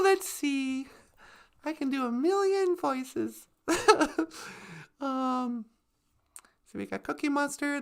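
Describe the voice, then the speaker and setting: A woman's voice: high-pitched, gravelly, fairly bright tone. A woman hosting a casual comedic live stream, playful and giggly.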